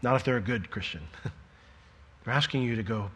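A middle-aged man preaching a sermon, lively and joking, acting out imagined conversations before dropping to a quieter, earnest tone. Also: medium pitch, moderate pace, pauses often, breathy edge, big-room sound. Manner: animated, jokey, acts out imagined dialogue.

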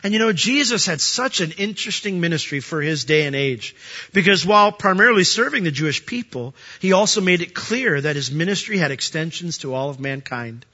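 Guy preaching, husky and bright, kinda dull lo-fi sound. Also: on the high side, fairly quick. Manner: animated preaching, acting out quoted voices. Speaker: pastor. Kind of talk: sermon.

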